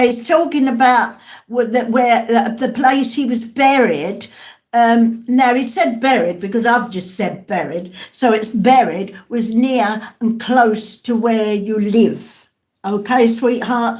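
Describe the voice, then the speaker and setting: Slow, hesitant woman medium. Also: a little high, darkish tone. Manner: hesitant, calls listeners darling and sweetheart. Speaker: spirit medium. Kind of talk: live mediumship reading to an online audience.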